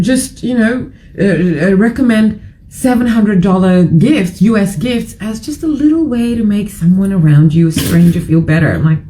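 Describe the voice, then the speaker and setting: A woman's voice: mid-range voice, warm tone, low-quality recording. A middle-aged woman hosting a casual morning chat show, rambling and frank, a little tired. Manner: chatty, rambling, frank and irreverent. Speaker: live show host.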